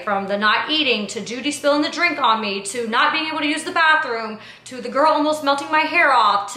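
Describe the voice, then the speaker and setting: A woman telling a behind-the-scenes story to camera in a casual recap, talking in an animated, indignant way full of slang like "yo" and "like". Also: high voice. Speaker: reality TV personality and producer. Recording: echoey room.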